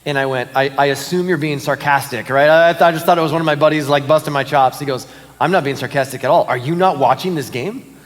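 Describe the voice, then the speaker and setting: Quick-paced and high-leaning, a pastor's voice rings out with a long reverb tail in a church auditorium. During the service he offers casual announcements and animated stories, laughing and using fillers as he goes.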